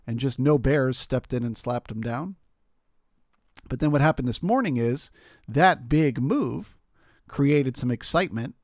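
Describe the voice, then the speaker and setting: Male stream host, mid pitch, casual chart explainer, dry booth sound. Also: animated, normal speed, gravelly, dry recording. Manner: explanatory, talks through charts with restarts. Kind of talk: live market commentary.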